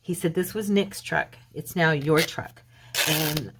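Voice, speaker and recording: A woman hosting a craft channel, telling a long story casually while she works, acting out the quoted lines in a brighter, higher voice. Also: slow, noisy background. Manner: chatty retelling, acting out quoted dialogue in a lifted voice; loose, rambling, with fillers and restarts. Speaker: mixed-media craft channel host.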